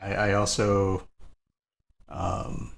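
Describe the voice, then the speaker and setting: A man's voice: lowish voice, monotone, drawn-out words. A man co-hosting a live painting stream, chatting casually, laughing often and greeting viewers by name.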